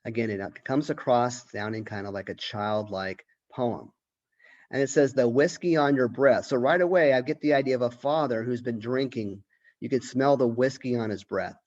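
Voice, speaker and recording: A man's voice: medium pitch, normal speed, a little mellow, lo-fi sound. A man who is a college literature professor, giving a lecture and thinking aloud with restarts and questions. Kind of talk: recorded lecture.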